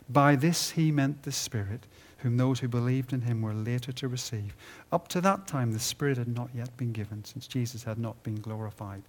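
A man preaching a sermon at a conference, building to loud emphatic peaks and dropping low and quiet at the ends of phrases. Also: moderate pace, few pauses. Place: conference hall.

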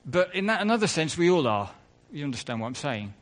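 A man's voice: a little high, very animated, fast. A man preaching a conversational sermon in church, full of asides and self-corrections.

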